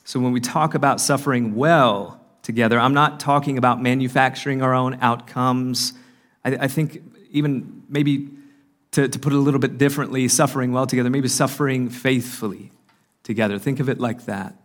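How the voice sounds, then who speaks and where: A man's voice: mid-range voice, fairly even intonation, moderate pace. A man speaking earnestly at a marriage conference, giving a faith-based talk with frequent fillers and restarts. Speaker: conference speaker and podcast host. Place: conference hall.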